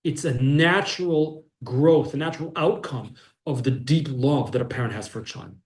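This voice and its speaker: A man teaching a class, acting out little scenes in an animated way. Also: on the high side, normal speed. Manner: animated, acts out scenes with shifts of voice. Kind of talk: lively class lecture with acted voices. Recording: echoey room.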